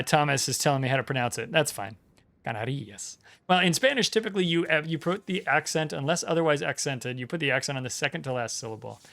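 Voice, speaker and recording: Gravelly man rambling through game news. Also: medium pitch, fairly bright tone. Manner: rambling, reads aloud with frequent fillers and restarts. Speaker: gaming channel host. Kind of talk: casual live-stream news chat.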